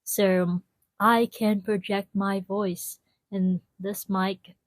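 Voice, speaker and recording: A young woman hosts a casual solo podcast from home, talking in an easygoing, unhurried way. She laughs often and keeps calling her listeners y'all. Her voice comes through a small clip-on mic with a dry, close sound. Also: mid-range voice, level tone, dry recording. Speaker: podcast host.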